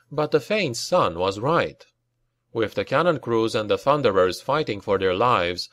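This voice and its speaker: Male narrator for grim fantasy audiobook, lively dramatic delivery, dead-dry booth sound. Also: no room sound. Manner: dramatic reading, raising pitch for shouted lines. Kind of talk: scripted narration.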